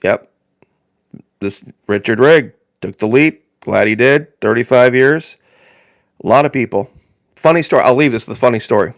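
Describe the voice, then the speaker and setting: Speaking to his live-stream viewers, a northern Indiana man talks casually at a medium pitch and normal speed, with long pauses. He's folksy and rambling, repeating phrases for emphasis, and the audio is dry and close with no room echo.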